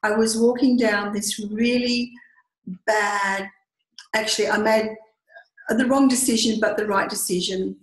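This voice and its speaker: A woman's voice: mid-range voice, fairly even intonation, unhurried. A middle-aged woman from Western Australia with an Australian accent, a group tour leader earnestly telling a personal story and acting out the dialogue. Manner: earnest, reflective, acts out quoted dialogue. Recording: echoey room.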